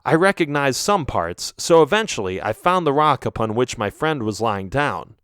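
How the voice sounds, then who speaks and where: A man reading a children's ghost story aloud as an audiobook narrator, telling it in an expressive storytelling manner. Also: medium pitch, normal speed, clean tone, no room sound, clean studio sound. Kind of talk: scripted narration.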